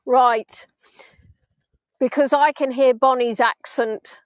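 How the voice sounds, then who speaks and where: A middle-aged woman from Hampshire with a southern English accent, chatting warmly with viewers while leading a live virtual tour outdoors on a beach. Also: high voice, fairly even intonation, slow, no echo, low-quality recording. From England (Hampshire). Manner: chatty, affectionate, answering viewers' comments.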